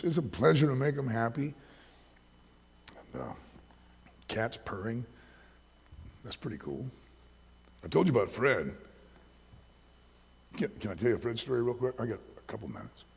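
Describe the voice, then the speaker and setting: A man preaching a sermon as pastor, telling animated stories about his pets, in a church hall with long reverb. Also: mid-range voice, gravelly, breathy edge. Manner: anecdotal, animated storytelling.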